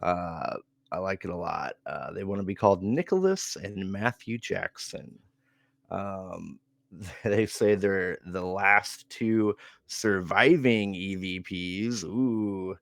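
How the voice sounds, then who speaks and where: A man casually recapping a wrestling show on a podcast, relaxed, with frequent chuckles and filler words. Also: low-pitched, takes it slowly, creaky, no room sound, studio quality.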